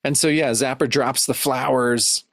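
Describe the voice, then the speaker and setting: A man's voice: medium pitch, fairly even intonation, unhurried, vocal fry, fairly bright tone, dry recording, studio quality. A man co-hosting a comic-book podcast, retelling the plot and acting out the characters' lines along the way. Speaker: podcast co-host.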